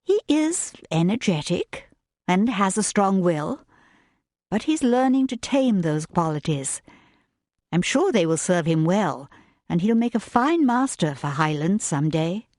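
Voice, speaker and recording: A woman voicing a polite, composed young governess who speaks gently and earnestly. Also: on the low side, sing-song, unhurried, no room sound, studio quality.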